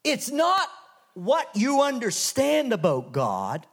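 Guy preaching in church, goes from near whispers to big soaring highs, high voice, slow. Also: wildly swooping pitch. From Canada. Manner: swings between hushed lows and soaring shouted highs. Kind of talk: revival sermon.

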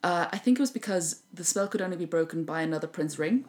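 An Irish woman co-hosting a podcast, retelling a folk tale in a lively, joking chat. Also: lowish voice, fast talker. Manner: animated, joking narration. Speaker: podcast co-host. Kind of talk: casual storytelling chat.

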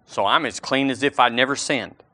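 Man preaching, bright, dry close mic, emphatic build and slow scripture reading. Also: medium pitch, no echo. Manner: emphatic preaching, slows for scripture and rises on key words. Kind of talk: sermon.

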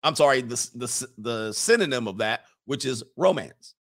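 He's a middle-aged streamer and coach whose mid-range voice is expressive, slightly bright, and paced normally. On a casual livestream he reads viewer comments, laughing and storytelling in loose, slangy fashion.

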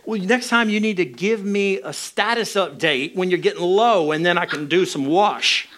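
A woman's voice: on the low side, fairly bright tone, voice pushed up, natural voice. A man quoting his sarcastic, teasing wife. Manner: teasing, quick retorts. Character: pastor's wife, playfully sarcastic then apologetic.

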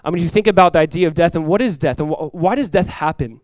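A man in his thirties, a pastor preaching a sermon and telling a family story with lively, rising emphasis. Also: fairly high pitch, quick pace, no echo. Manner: animated storytelling, rises loud when acting out his talks with his son.

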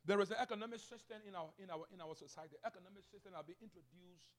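Male pastor, sermon delivery, high-pitched, alternates shouted proclamations with soft repetition. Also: racing. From Liberia. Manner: swings between loud proclaiming and quiet asides, repeating phrases.

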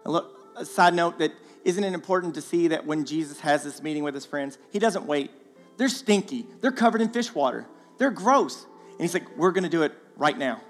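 A man giving a guest sermon in a church, animated and conversational with playful asides. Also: on the high side, moderate pace. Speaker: guest speaker. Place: church sanctuary. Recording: long church hall reverb, faint music.

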